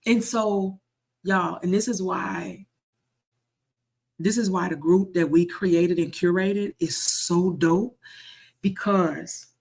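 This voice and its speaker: A woman content creator telling a story in a casual vlog, repeating phrases for emphasis and slowing into a preacher-like cadence. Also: on the low side, steady tone, creaky, darkish tone, breathy edge. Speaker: content creator and online group founder.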